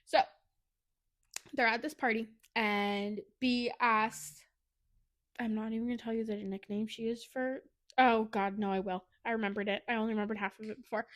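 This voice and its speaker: A woman co-hosting a podcast, retelling a book plot in casual, animated chat with laughs and asides. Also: a little high, moderate pace. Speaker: podcast co-host.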